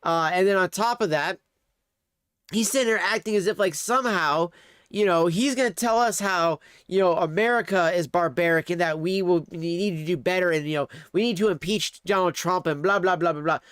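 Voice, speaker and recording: A man's voice: sits high, brisk, a bit bright, clear, resonant tone, no echo. A man on his livestream, ranting angrily and sarcastically, swearing heavily. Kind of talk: angry livestream commentary. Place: home streaming setup.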